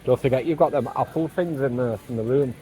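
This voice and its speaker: A man's voice: medium pitch, brisk, dark tone, a little hiss or hum. A man with an English accent chatting casually while out shopping, full of small exclamations. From England. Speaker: vlogger.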